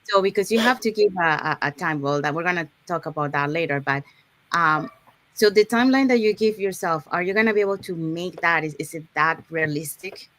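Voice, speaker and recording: Low-voiced woman teaching goal setting. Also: a little fast, fairly bright tone. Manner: explains step by step with many okays and restarts. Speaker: host. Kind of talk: online live session teaching.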